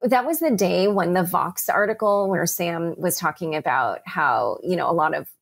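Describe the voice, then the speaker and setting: A woman host with a low, gravelly voice asks questions in a loose, conversational way. She hesitates and hunts for words. Her tone is husky rather than clear. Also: animated, normal speed. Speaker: podcast host. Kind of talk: casual interview.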